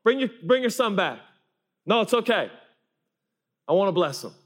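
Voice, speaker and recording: A man's voice: high-pitched, animated, normal speed, pitched above the performer's own voice. A man acting out Jesus as an adult man, eagerly calling children and parents over in a raised, urgent voice. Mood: urgent welcoming.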